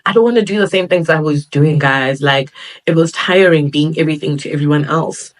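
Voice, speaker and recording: A woman's voice: sits low, a little fast, low-quality recording. Earnest young woman podcast host. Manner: earnest, motivational, with playful quoted asides. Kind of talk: solo podcast talk.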